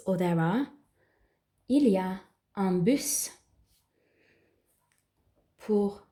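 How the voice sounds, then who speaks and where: A woman with an English accent teaching, who explains each step clearly and patiently and slows down for the phrases she models. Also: fairly low pitch, dark tone, reverberant. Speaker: language teacher. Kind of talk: exam preparation tutorial.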